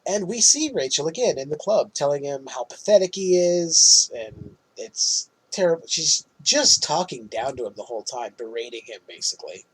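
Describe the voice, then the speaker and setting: A man hosting a podcast, casually recapping a film's plot in an animated way and laughing often. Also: a little high, husky, low-quality recording. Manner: animated retelling, quick laughs. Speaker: podcast host.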